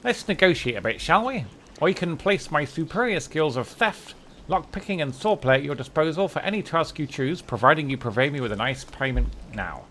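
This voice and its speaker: Game rogue, male, cheeky and mercenary, man putting on the voice, lively sing-song delivery. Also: fairly high pitch, brisk, a little hiss or hum. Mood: sly. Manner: chatty, wry, sly. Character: cheeky male rogue, thief for hire, haggling.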